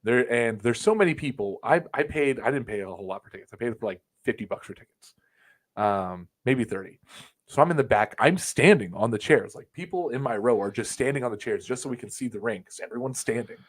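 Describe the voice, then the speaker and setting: A young man on a podcast, telling a story casually, swearing freely and acting out quotes loudly. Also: medium pitch, brisk. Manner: animated, profane, acts out quotes loudly. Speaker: podcast co-host.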